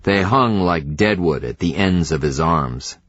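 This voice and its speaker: A man narrating an audiobook in the first person, with a measured, reflective reading. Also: low voice, animated, fairly bright tone, dry recording. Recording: slightly dull, dry studio recording.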